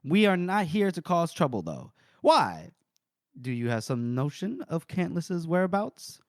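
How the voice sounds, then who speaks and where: A man voicing a smooth, formal mercenary captain in a podcast recap, with slow and courteous delivery. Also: a little high, very animated, no echo, clean studio sound. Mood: polite. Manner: measured and courteous.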